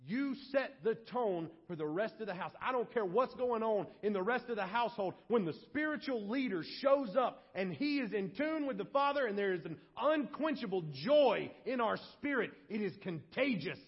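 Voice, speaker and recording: A male pastor preaching a sermon, animated and acting out quoted voices. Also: sits high, moderate pace, hardly any pauses, husky, in a large hall. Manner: animated, acts out quoted voices and shouts for effect. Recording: dull lo-fi sermon audio.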